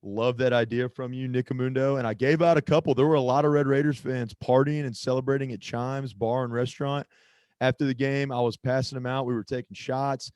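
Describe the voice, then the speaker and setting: A man's voice: medium pitch, fairly even intonation, fairly quick, darkish tone, no echo. A man co-hosting a casual sports podcast, rambling and often stopping to search for a name or lose his thread. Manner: rambling, self-interrupting, loses his train of thought. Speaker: podcast co-host.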